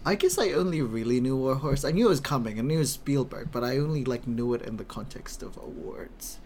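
A podcast co-host chatting casually about films in a lively, jokey way. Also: medium pitch, brisk, a little hiss or hum. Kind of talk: casual chat.

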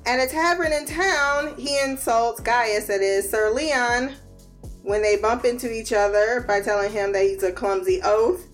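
A woman casually recapping a TV episode, slangy and animated, acting out the characters' lines and laughing often. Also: a little high, measured pace, faint music behind.

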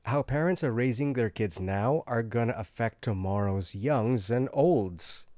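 A man delivering a sarcastic comedy monologue, swinging between loud outbursts and hushed asides. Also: mid-range voice, measured pace, no room sound, studio quality.

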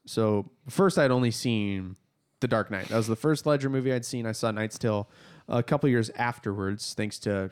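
Young male podcast host, casual and animated, smooth clean tone. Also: on the low side. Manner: animated, rambling. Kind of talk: casual chat.

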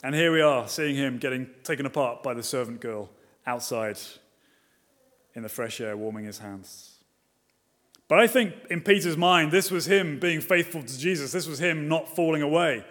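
A man delivering a sermon in a slightly higher-than-usual voice. He moves between emphatic stretches and quiet asides. He keeps the congregation engaged with rhetorical questions. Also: normal speed. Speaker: preacher. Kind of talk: expository sermon.

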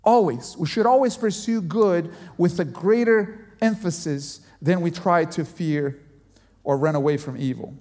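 A pastor with a high voice preaches to his listeners in a lively storytelling way. He often stumbles and repeats words as he builds up to a point. His voice rings with the long reverb of a large hall. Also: unhurried. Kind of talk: sermon.

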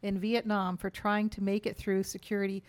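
A woman's voice: medium pitch, level tone, moderate pace, darkish tone. Woman reading out quiz options. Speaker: guest. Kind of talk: reading trivia questions.

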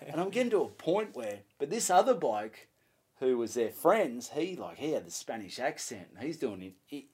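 A young Australian man, a comedian, telling a story in a casual interview. He swears freely and acts out what people said in a louder voice. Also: mid-range voice, normal speed, breathy edge. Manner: animated, swears freely, acts out his own lines in a louder voice. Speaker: comedian guest.

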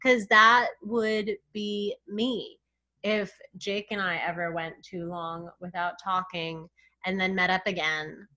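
A young adult woman co-hosting a casual chat, chatty and quick with asides, laughing often. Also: medium pitch, fairly even intonation, pushed and bright. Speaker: podcast co-host.

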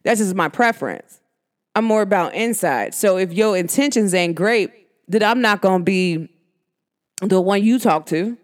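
A woman's voice: animated, normal speed. Emphatic New York–New Jersey woman. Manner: emphatic and slangy, with big swings in pitch. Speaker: podcast host. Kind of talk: casual solo podcast monologue.

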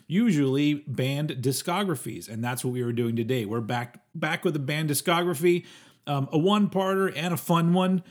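A man in his forties co-hosting a casual podcast, talking in a rambling, halting way with plenty of fillers and swearing. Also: fairly high pitch. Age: 40s. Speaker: podcast co-host. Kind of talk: casual chat.

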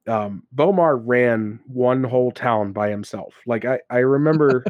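A man co-hosting a casual chat about tabletop games, an animated storyteller who laughs often and acts out characters. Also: mid-range voice, unhurried, dry recording, phone-quality sound. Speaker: podcast co-host and game master.

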